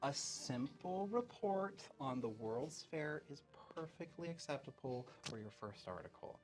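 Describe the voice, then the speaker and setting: A man voicing a calm, composed female newspaper editor who talks in a measured, gentle way in a tabletop game. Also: a little high, soft background music, pitched above the performer's own voice.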